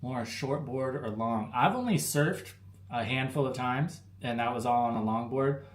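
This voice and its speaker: A man's voice: medium pitch, normal speed. Laid-back American man chatting on a live stream. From United States. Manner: laid-back, rambling, lots of fillers. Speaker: livestream host answering chat. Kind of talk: casual live Q&A chat. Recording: roomy with faint ambience.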